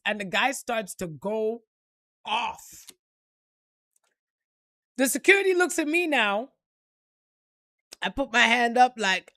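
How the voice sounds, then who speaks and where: A woman tells a story straight to the camera, animated and loose, acting out quotes and swearing freely. Her voice sits a little high. The sound is dry and close, with almost no room echo. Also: slow, pauses often. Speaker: vlogger telling a personal story. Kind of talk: casual storytelling.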